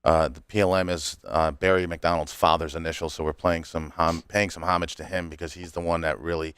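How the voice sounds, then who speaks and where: A man's voice: deep voice, little pitch movement, brisk, fairly bright tone, clean tone, dry recording, studio quality. A man who runs a cigar company, a guest on a podcast, telling stories casually and laughing between lines. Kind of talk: casual storytelling chat.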